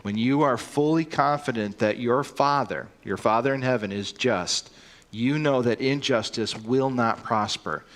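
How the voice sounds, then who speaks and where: A man preaching a sermon, earnest and emphatic, often repeating words as he starts a sentence. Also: medium pitch.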